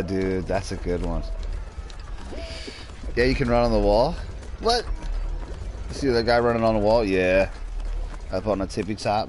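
A man's voice: on the low side, a little mellow, a little hiss or hum. A man streaming a game, chatting casually with viewers and his pet. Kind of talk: casual livestream chat.

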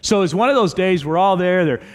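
A middle-aged male pastor delivers a sermon in a slightly high voice, acting out quoted lines as he tells stories. His voice rings through a church hall with a long reverb tail. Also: a little fast. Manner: animated storytelling with acted quotes. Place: church sanctuary.

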